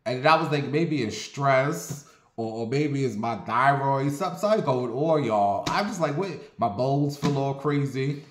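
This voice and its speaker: He's a man in his forties who vents and tells stories in a blunt, sassy, profane way. His pitch sits in the middle range, and a roomy echo hangs around his voice. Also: expressive, moderate pace, a little hiss or hum. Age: 40s. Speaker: vlogger. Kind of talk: casual storytelling monologue.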